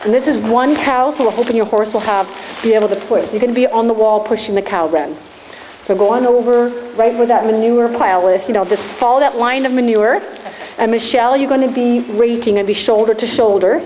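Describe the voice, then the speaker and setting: A woman's voice: fairly high pitch, fairly quick, a little mellow. A woman riding instructor giving live coaching in an indoor arena, directive and encouraging as she talks riders through each step. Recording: echoey arena with faint ambient noise.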